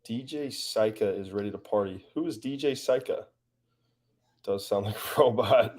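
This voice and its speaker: A man's voice: fairly low pitch, moderate pace, a little mellow. A man as a guest on a livestream, chatting casually and reading viewer comments, laughing often and joking.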